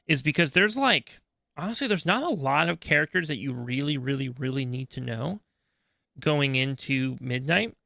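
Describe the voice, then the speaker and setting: A man's voice: medium pitch, creaky, pushed and bright, no room sound, clean studio sound. A man hosting a podcast, explaining game lore in a chatty, casual way and checking in often with "right?". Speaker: podcast host.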